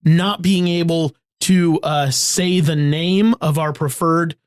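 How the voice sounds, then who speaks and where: A man co-hosting a comedy podcast, improvising a scene in a halting way, full of fillers and restarts. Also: on the high side, fairly even intonation, no room sound, studio quality. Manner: hesitant, many fillers and restarts. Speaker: podcast co-host.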